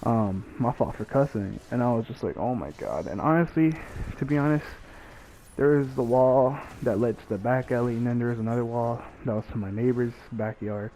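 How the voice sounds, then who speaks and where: A man's voice: medium pitch, moderate pace, slight background noise, poor audio. Profane young man telling a story. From Mexican family. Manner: profane, animated retelling with acted quotes. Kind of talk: casual storytime monologue.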